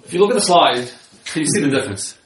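A man's voice: a little high, very animated, fast talker, slight background noise. A man who works as a marriage counselor gives an informal lecture with slides and repeats his key points. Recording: echoey room, voice from far off.

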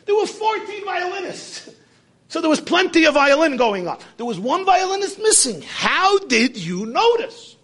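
A man's voice: very high-pitched, sing-song, normal speed, fairly bright tone, pitched above the performer's own voice, heavily acted. A man voicing an eager male biographer who asks questions in amazed disbelief. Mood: incredulous.

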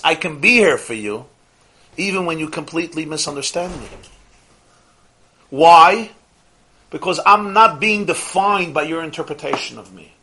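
A male teacher with a lively voice that swings up and down a lot. The tone is bright and forward with a husky, slightly breathy edge, and it sits a little high for a man. He teaches by telling stories and puts questions straight to his listeners. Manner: animated storyteller, talks to listeners directly with questions. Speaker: religious teacher. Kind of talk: teaching a weekly class.

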